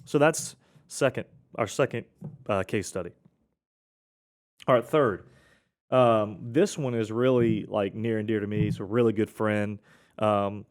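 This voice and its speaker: A man's voice: on the low side, clean tone. A man hosting a casual accounting podcast, telling client stories with frequent restarts and a cough now and then. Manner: rambling, self-correcting, with frequent restarts.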